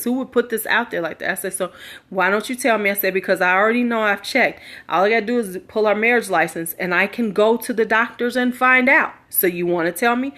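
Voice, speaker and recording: A woman's voice: medium pitch, a bit bright. A middle-aged woman candidly telling a personal story live, acting out quoted dialogue with emphasis. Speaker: livestream storyteller.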